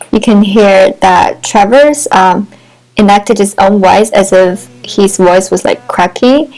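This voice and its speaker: A woman talks through a book review in a reflective, wordy manner, with pauses and restarts between ideas. Her voice sits at an ordinary middle pitch. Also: a little mellow, poor audio. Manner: thoughtful, wordy, with fillers and restarts.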